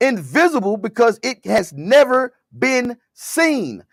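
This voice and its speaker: Lively high-pitched man musing aloud. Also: takes it slowly, dry recording. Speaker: host of a talk show. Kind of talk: casual show talk.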